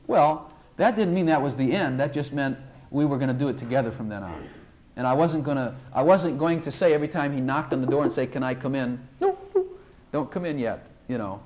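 Preaching to a congregation, an older man delivers his sermon with animated emphasis. When he acts out prayers, his voice climbs into high tones.

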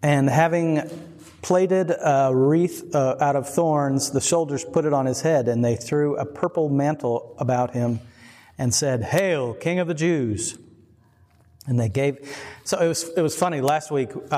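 A man's voice: mid-range voice, normal speed, warm tone. A man preaching a casual, conversational sermon. He rambles and digresses, adding chuckling asides. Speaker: pastor. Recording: long reverb of a hall.

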